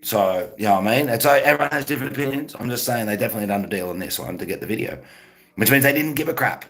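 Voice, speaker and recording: A man's voice: mid-range voice, animated, very fast, fairly bright tone. A man, rambling casually to his live-stream chat and greeting viewers by name.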